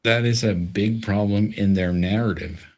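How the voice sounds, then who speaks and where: A man's voice: lowish voice, steady tone, moderate pace, a little mellow. A man co-hosting a livestream, laid-back and laughing along. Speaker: livestream co-host. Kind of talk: casual livestream chat.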